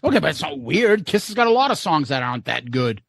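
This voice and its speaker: A man's voice: a little high, sing-song, quick pace, vocal fry, no echo. A man co-hosting a podcast in casual chat, blunt and profane, laughing often. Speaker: podcast co-host.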